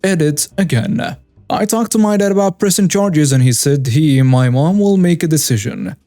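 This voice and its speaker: Male narrator for story videos; steady, even read, dry close sound. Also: on the high side, moderate pace, dry recording, faint music behind. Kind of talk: scripted narration.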